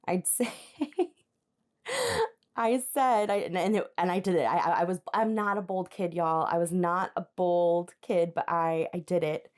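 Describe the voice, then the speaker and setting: A woman's voice: lowish voice, steady tone, measured pace, a little mellow. A young woman hosting a crafting video, chatting casually while she hand embroiders, telling a rambling story with frequent laughs and asides to her viewers. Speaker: host of a crafting channel. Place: home craft space.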